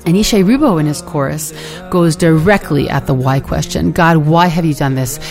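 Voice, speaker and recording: A woman hosting a podcast, speaking in an earnest, reflective way, often pausing with "uh.". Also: deep voice, a little mellow, soft background music. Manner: earnest, hesitant with frequent "uh"s. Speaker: podcast host. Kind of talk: reflective talk.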